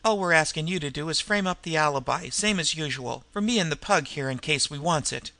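A man's voice: on the high side, a little fast, sharp tone, dry recording. A man voicing a cocky, sneering small-time male thug who jibes in slang. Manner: jibing, slangy, unbothered.

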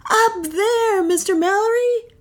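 A woman voicing a nervous, excitable male inventor who cries out in a high, urgent voice. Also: moderate pace. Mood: frantic. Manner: shrill, urgent shouting.

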